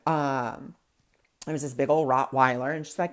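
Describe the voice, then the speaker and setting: A man's voice: fairly high pitch, unhurried. A man hosts a spiritual teaching talk, recorded on a webcam or phone for a livestream. He tells personal stories in an earnest, casual way, full of fillers and restarts. He slips into other voices when he quotes people. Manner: loose filler-heavy phrasing. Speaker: host of a spiritual discussion show. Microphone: webcam or phone mic, livestream.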